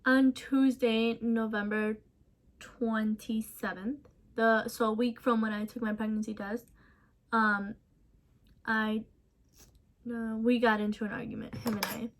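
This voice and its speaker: A young woman in a casual storytime vlog, recounting events softly with many ums and restarts. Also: on the high side, a little hiss or hum. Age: young adult. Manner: casual, soft-spoken storytelling with many fillers. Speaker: vlogger.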